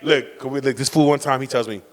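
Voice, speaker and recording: A man rattles off a story in rapid street slang on a podcast, acting out his father's lines. His mid-pitched voice carries a long reverb from the room. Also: steady tone. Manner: rapid slangy banter, acts out his dad. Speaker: podcast co-host. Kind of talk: casual storytelling chat.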